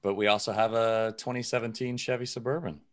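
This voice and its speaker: A man's voice: fairly low pitch, fairly even intonation, a little fast. A man co-hosting a podcast in casual chat, rambling with lots of fillers and frequent laughs. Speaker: podcast co-host.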